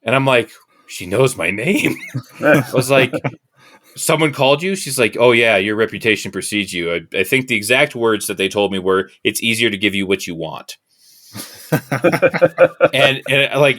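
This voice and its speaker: Low-voiced man telling his story. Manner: animated, acts out quoted voices, swears freely. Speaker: podcast guest. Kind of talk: candid conversational storytelling.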